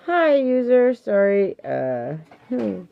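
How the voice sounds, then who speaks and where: A woman's voice: fairly high pitch, very animated, takes it slowly, vocal fry, muffled recording. A woman streaming live, reading affirmations and firmly but patiently parenting her child in between, laughing often.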